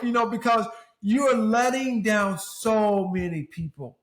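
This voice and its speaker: A man's voice: sits high, measured pace. Earnest middle-aged man, roomy echo. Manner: earnest, emotional, preacherly swells. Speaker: podcast host and former pro athlete. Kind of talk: candid interview talk.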